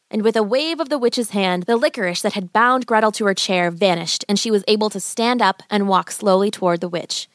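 A woman narrating a children's fairy tale in a gentle, even storybook reading. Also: mid-range voice, brisk, dry recording, studio quality.

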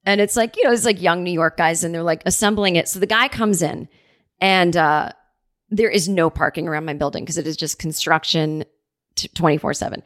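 A woman's voice: lowish voice, brisk, no room sound, clean studio sound. Chatty woman telling home stories. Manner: chatty, animated, acts out quoted people. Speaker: podcast host. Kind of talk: casual solo storytelling. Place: home apartment.

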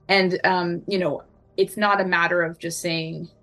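A woman with a slightly low voice answers as a journalist in an interview. She talks carefully and haltingly, restarting phrases as she weighs her words, and faint music sits far behind her. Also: little pitch movement, bright, forceful tone.

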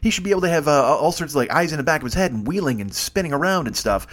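Dude rambling fast on his comedy podcast, swears a lot, keeps going off on tangents, laughs at himself. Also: a little high, lively intonation. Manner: profane, digressive, self-mocking. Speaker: podcast host.

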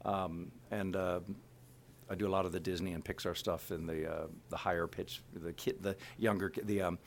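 In a casual interview, a middle-aged man from Kansas City, USA, who works as a voice actor talks at a moderate pace in a low voice, with a slight hiss or hum audible. He stays animated, switching into character voices mid-sentence.

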